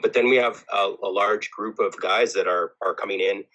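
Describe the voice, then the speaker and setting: A man's voice: on the low side, fairly even intonation, normal speed, pushed and bright, low-quality recording. A man, a head football coach, talking earnestly as a guest in a casual podcast interview. He often repeats words as he gathers his thoughts.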